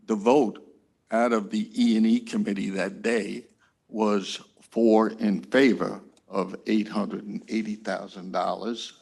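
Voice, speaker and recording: A man with a Bronx accent and a low, gravelly voice speaks as a legislator. He walks through committee votes step by step, using fillers, and slips in the occasional joke. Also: darkish tone. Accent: New York City (Bronx). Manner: recounts procedure step by step, fillers, jokey asides. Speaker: county legislator. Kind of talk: floor remarks at a public session. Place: legislative chamber.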